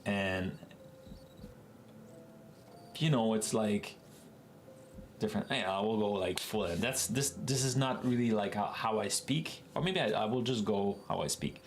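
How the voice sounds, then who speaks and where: A man with a Quebec French accent and a fairly low voice, a native French speaker, talks through his code with live-stream viewers in a casual, unhurried way. His pace is very slow and drawn out, and a faint noise sits under the voice. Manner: talks to chat while working through code on screen. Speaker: software developer streaming live.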